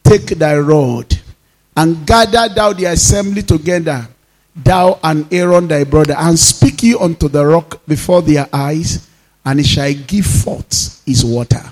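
Nigerian pastor guy, high voice, preaching hard, slow scripture reading then loud bursts. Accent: Nigerian, Yoruba-speaking. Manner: mixes in Yoruba phrases. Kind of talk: sermon.

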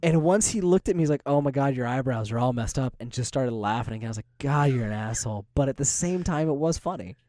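A man's voice: mid-range voice, lively intonation, fast, few pauses, mellow, no echo, clean studio sound. A man co-hosting a podcast, telling a story in casual chat, laughing often and swearing freely. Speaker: podcast co-host.

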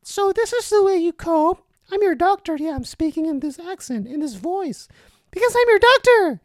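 A man voicing his imaginary doctor in a high, put-on voice with an odd accent. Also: expressive, normal speed, no room sound. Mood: explaining. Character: calm explaining doctor, the host's imaginary voice.

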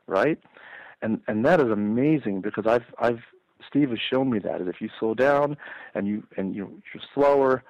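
Fast-talking man on a dull call-in line. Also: lowish voice, darkish tone, no echo. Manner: fast-talking, eager storyteller. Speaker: comedian calling in as guest. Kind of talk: casual chat.

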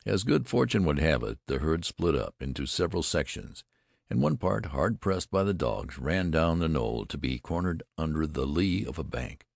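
Deep gravelly male audiobook narrator. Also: sing-song, normal speed, no echo, studio quality.

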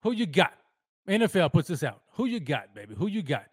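A young man hosting a live sports talk stream, excitable and slangy, repeating himself and piling on phrases. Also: fairly high pitch, brisk, slightly rough, no room sound, studio quality. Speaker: sports podcast host.

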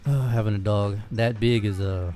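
A man's voice: on the low side, steady tone, moderate pace, dark tone, faint music behind. Laid-back young man, swearing a lot. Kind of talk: casual chat.

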